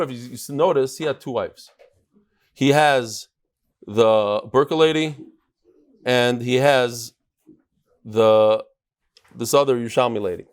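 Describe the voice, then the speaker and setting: A man teaching a daily Talmud class to a live group in a study hall. He talks in an animated, joking way and walks through a chart. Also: mid-range voice, smooth. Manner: animated, joking, explains with a chart and laser pointer.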